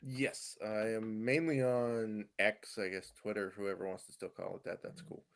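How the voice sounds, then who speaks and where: A man with a somewhat low voice talks through racing and fantasy sports as a podcast guest. He explains at length in a relaxed way, with fillers and the odd chuckle. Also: moderate pace, vocal fry. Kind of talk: casual podcast chat.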